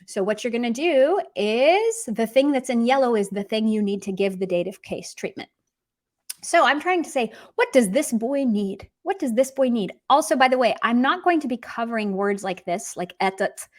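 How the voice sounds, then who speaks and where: A woman's voice: fairly high pitch, lively intonation. Chatty woman teaching a grammar lesson. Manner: chatty, encouraging, drills example words aloud slowly. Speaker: language teacher. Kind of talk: casual online grammar lesson.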